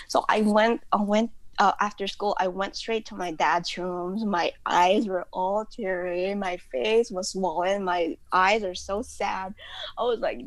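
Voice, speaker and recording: A woman, telling a story as an interview guest in an animated, dramatic way, with many filler words. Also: mid-range voice, a little slow, no echo, rough recording. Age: 30s. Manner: animated, dramatic retelling with laughs; frequent "like" and "you know" fillers. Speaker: guest photographer.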